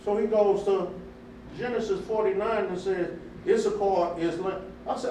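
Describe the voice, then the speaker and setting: A church member with a high, steady, dark-toned voice heatedly recounts a scripture debate at a moderate pace, acting out both sides with emphatic outbursts. The group conversation is captured in an echoey room with a far-off mic and faint noise.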